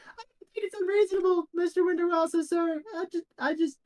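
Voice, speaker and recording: A woman's voice: very high voice, fairly even intonation, fairly quick, darkish tone, pitched above the performer's own voice. A woman voicing a tiny, meek male worker ant who stammers humbly and rambles. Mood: reverent.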